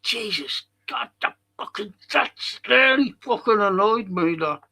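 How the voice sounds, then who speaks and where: Gravelly high-voiced streamer ranting. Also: male voice, expressive, measured pace, bright, forceful tone. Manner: heavy swearing, blunt exasperated rants. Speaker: football watch-along streamer reading chat. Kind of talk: live-stream football chat.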